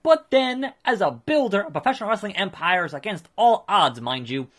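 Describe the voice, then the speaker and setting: A man's voice: high-pitched, very animated, fairly bright tone, pitched above the performer's own voice, exaggerated voice. A man putting on a pompous wrestling promoter. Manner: pompous, slow and grandiose. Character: smug middle-aged male wrestling promoter.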